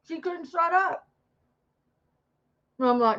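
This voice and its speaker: On a casual livestream with dull lo-fi audio, a woman in her fifties rants defensively and rambles, breaking off to greet viewers in the chat. Her voice is a little high and unhurried, with long pauses.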